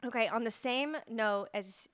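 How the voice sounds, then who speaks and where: A woman's voice: on the high side, a bit bright, dry recording. A woman co-hosting a casual podcast chat, talking in a reassuring way about her work with couples. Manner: reassuring, quick affirmations. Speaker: podcast co-host, wedding planner.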